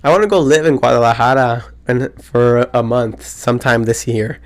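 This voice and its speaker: A man around twenty hosting his own podcast, chatting casually in an excitable, rambling way full of slang and swearing. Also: mid-range voice, normal speed. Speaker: podcast host. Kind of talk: casual solo podcast chat.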